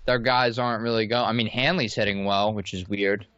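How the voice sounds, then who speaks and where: A man's voice: fairly low pitch, steady tone, a little fast, a bit bright, dry recording, highs cut off. A man in a casual sports chat, chatty and hedging his opinions with "I don't know".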